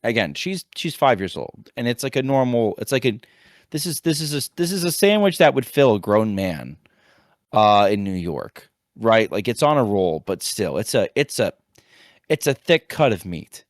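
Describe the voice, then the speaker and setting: A man's voice: fairly low pitch, moderate pace, no echo. Rambling man telling a story, dry sound. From United States. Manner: rambling animated storytelling with many restarts. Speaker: podcast co-host, high school teacher. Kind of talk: casual chat.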